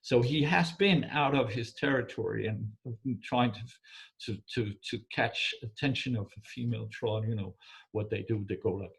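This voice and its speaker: A man telling a folk tale in English, halting and repeating words, often checking in with his listener. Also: mid-range voice, lively intonation, sharp tone. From Denmark. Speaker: storyteller. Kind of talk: oral folk storytelling.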